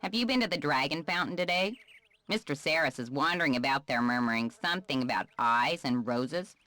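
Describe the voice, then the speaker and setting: A woman's voice: low voice, animated, fairly quick, bright, forceful tone. A woman voicing a young villager in a video game, with a nasal voice and a chatty, gossipy manner.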